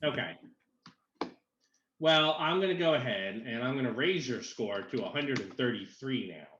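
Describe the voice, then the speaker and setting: A man's voice: medium pitch, animated, fairly bright tone, a little hiss or hum. Man running a tabletop game, echoey. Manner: halting, with many fillers. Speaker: game master. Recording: echoey room, dull lo-fi sound.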